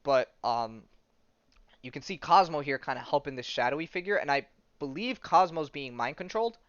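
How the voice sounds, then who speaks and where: Rambling man recapping comics, smooth voice. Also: on the high side, lively intonation, normal speed, a bit bright, no echo. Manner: rambling, laughs at his own jokes. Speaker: podcast host. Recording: dull lo-fi sound.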